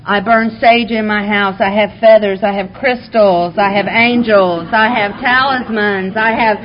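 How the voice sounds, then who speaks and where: The muffled, lo-fi recording, carrying a faint hiss, captures a woman giving personal testimony about her recovery to an audience in a meeting room. Her voice sits at medium pitch with fairly even intonation and a measured pace, and her heartfelt candor comes with touches of wry humor.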